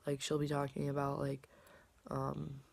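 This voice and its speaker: Low, flat, gravelly young woman vlogging. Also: unhurried. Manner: rambling, filler-heavy, drops into soft whispers. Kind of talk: casual personal vlog.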